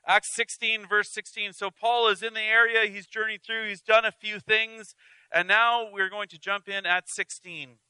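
A man as pastor preaches an earnest, conversational sermon, often restarting and adding asides. His voice is high, very bright and smooth. It is recorded close with no room echo. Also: level tone, moderate pace.

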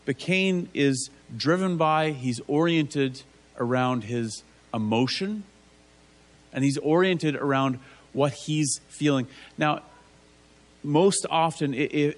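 A man preaching a conversational sermon, asking rhetorical tag questions and acting out biblical figures in casual voices. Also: medium pitch.

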